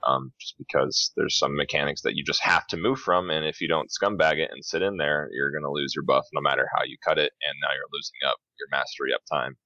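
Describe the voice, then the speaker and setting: Very deep fast-talking man, casual. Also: fairly even intonation, sharp tone, dry recording. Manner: quick, emphatic, casual slang. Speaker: podcast co-host. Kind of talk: casual gaming chat. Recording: dull lo-fi sound.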